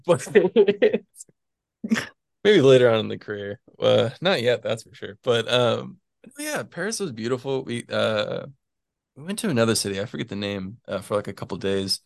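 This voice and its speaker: A man's voice: medium pitch, animated, moderate pace, creaky, dry recording, clean studio sound. A man in his twenties, a physics PhD student, chatting casually as an interview guest, rambling with lots of fillers and little chuckles. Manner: rambling, chuckles between phrases, many fillers.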